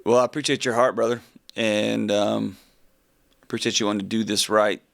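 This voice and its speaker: A man's voice: on the low side, fairly even intonation, moderate pace, gravelly, no room sound, studio quality. Reassuring male advice show host. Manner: warm, reassuring, conversational. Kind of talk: call-in advice talk.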